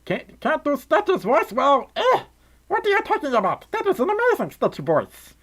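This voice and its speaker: A man putting on a squeaky, excitable voice for a small cartoon alien creature. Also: moderate pace, exaggerated voice. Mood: boastful. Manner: high squeaky put-on cartoon voice.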